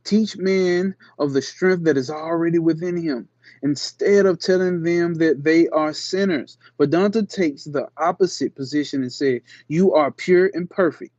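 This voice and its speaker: A man hosting his channel, reading a spiritual text aloud slowly and emphatically and breaking off into slangy, casual asides. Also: a little high, a little mellow, no room sound, highs cut off. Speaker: channel host.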